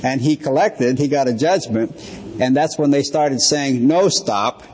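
A man teaching a sermon-style Bible lesson in a measured, explanatory way, slowing down to stress key phrases. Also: medium pitch, steady tone, dark tone. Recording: reverberant hall.

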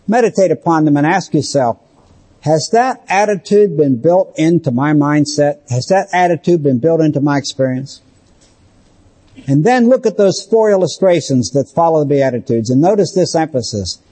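A man preaching a sermon, emphatic and slowing down to stress key phrases. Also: fairly high pitch, mellow, husky.

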